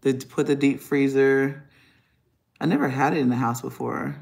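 A man's voice: mid-range voice, steady tone, normal speed, vocal fry. A man vlogging at home, venting angrily in a profane, rambling rant from his garage. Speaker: family vlogger. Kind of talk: casual vlog rant. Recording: echoey garage room.

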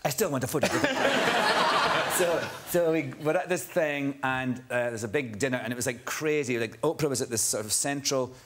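A middle-aged man with a Scottish accent, a chat show guest telling a lively anecdote and acting out other people's voices. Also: mid-range voice, moderate pace. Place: TV studio with live audience. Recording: studio audience laughter and noise.

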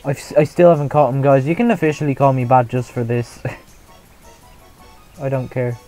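A young man streams a game and chats with his viewers, teasing himself about his play and laughing often. His voice sits at an ordinary middle pitch. Faint game music plays behind him. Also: moderate pace, low-quality recording. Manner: self-mocking, chatty, reacts loudly and laughs often. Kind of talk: casual live gameplay commentary.

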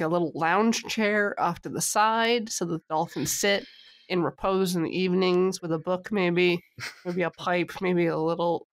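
A woman with a slightly low voice walks through an episode's plot in detail. She keeps her recap steady and sprinkles in dry, wry asides. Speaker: podcast co-host recapping episodes. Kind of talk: casual chat.

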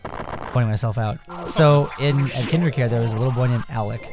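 A man's voice: medium pitch, fairly quick. A man chatting casually and swearing while coaching a friend through a video game. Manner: laughing, swearing, backseat gaming. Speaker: co-host watching a let's play. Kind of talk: casual gaming chat.

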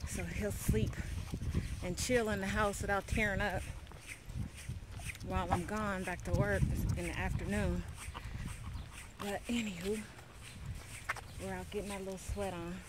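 Lady vlogging on a dog walk, slow and drawly, kinda out of breath, noisy street behind her. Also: mid-range voice, level tone. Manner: coos baby talk at her dog, then chats to viewers. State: sweaty, a bit out of breath. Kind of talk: casual vlog chatter. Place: outdoors on a neighborhood walk.

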